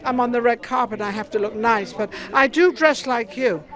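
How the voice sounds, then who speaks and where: A woman's voice: a little high, a little fast, a bit bright. A woman interviewing guests on a red carpet, chatty and encouraging, full of friendly advice. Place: outdoor red carpet event. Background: crowd chatter.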